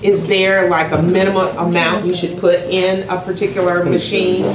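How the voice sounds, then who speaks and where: Man, high voice, audience question, echoey noisy room. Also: flat delivery, moderate pace, crowd noise.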